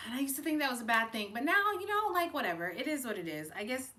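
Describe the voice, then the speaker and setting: A woman's voice: a little high, very animated, quick pace, sharp tone. A young woman giving casual, emotional tarot readings to viewers on a live stream, chatting and laughing as she goes.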